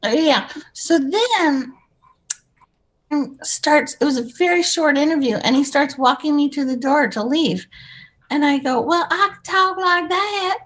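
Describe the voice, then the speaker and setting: High-voiced, giggly woman telling stories. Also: unhurried. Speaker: podcast guest. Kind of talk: casual anecdotal storytelling.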